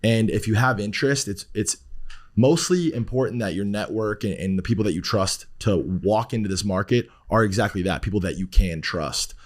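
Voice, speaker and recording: Blunt, swearing man. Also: fairly low pitch. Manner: blunt, swears often, fast rambling with fillers. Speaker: podcast guest. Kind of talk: casual podcast talk.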